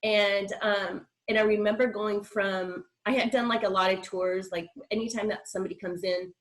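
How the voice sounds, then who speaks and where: Middle-aged woman speaking casually over a video call, rambling and warm-voiced storytelling, mid-range pitch. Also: steady tone, normal speed, poor audio. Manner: chatty, rambling, with laughs and restarts. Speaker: guest speaker.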